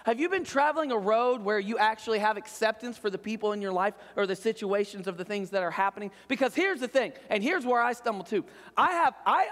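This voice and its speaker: A man's voice: extremely high pitch, a bit bright, long reverb tail. A man preaching a sermon as pastor, earnest and often checking in with "right?". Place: church sanctuary.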